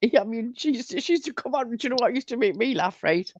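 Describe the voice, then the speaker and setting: Woman telling gossip on a stream, high voice, cursing a lot, muffled dry sound. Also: lively intonation, quick pace, a little mellow, no room sound. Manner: swearing, laughing storyteller. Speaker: livestream co-host. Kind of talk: casual gossip chat. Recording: dull dry lo-fi stream audio.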